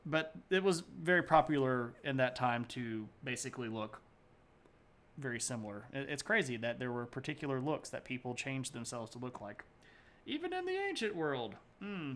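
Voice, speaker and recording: A man's voice: mid-range voice, sing-song, normal speed, fairly bright tone. A man giving a casual, joking history talk on a live stream, rambling with lots of fillers and stopping to greet viewers in chat. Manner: loose and rambling with many fillers.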